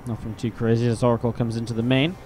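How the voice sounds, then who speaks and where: Casual English esports caster. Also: male voice, mid-range voice, little pitch movement, fast, darkish tone, slight background noise. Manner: chatty, casual asides between play calls. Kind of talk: live play-by-play game commentary.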